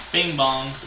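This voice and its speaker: A man's voice: mid-range voice, background noise. A man hosting a casual cooking livestream, chatting and laughing with viewers while he cooks. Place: home kitchen. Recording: echoey kitchen, mic far off. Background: food frying and sizzling.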